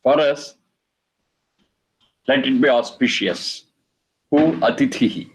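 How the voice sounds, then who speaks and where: A man giving a religious lecture, reciting verses and explaining them slowly. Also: mid-range voice, rough recording. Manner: slow, repeats Sanskrit phrases and explains them. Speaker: Vedic teacher.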